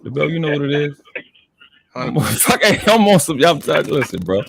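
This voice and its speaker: A man's voice: on the high side, big pitch swings, moderate pace, vocal fry, a bit bright, slightly rough. A man with a Baltimore accent ranting with heavy profanity as a guest in a livestream talk. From Baltimore, USA. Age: adult with children. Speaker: podcast guest.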